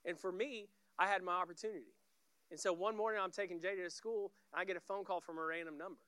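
A man's voice: sits high, fairly even intonation, fast talker, sharp tone, clean tone, no room sound. A man giving a sermon as a guest pastor, telling stories conversationally in short clipped phrases.

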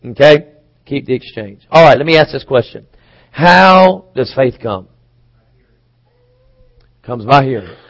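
A man's voice: mid-range voice, expressive, unhurried, creaky, pauses often, no echo, poor audio. Preacher man with a dry close sound. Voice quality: occasional coughs. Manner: conversational, asks the congregation questions. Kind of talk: sermon teaching.

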